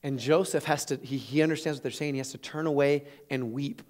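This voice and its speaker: Animated pastor retelling a story. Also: male voice, mid-range voice, brisk. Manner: animated, chuckling, conversational. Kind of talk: sermon storytelling.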